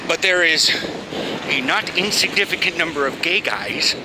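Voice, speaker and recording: A man talking casually and joking as he walks through a city and park, speaking into a handheld camera. He swears freely, and his voice is loud and booming. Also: normal speed. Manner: chatty, joking, swears often. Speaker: vlogger. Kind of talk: casual walking vlog chat. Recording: street noise and passing traffic. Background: traffic and trams.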